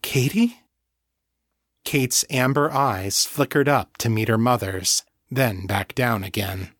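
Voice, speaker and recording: A man reading fiction aloud as an audiobook narrator, in a measured, deliberate way. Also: medium pitch, a bit bright, dry recording, clean studio sound. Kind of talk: scripted narration.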